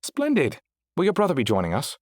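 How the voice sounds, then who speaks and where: A man's voice: a little high, wildly swooping pitch, a little fast, no room sound, studio quality, voice pushed up. Man voicing a prim British-accented female AI. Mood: courteous, poised. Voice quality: proper, precise, refined diction. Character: polished female AI companion, refined and helpful. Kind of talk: audiobook character voice.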